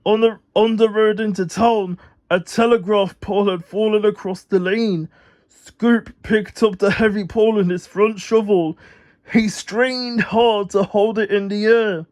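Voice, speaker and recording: Man slowly reading a kids' storybook. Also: high voice, fairly even intonation, a little mellow. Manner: unhurried, occasional stumbles. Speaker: storybook reader. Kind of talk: reading a children's book aloud.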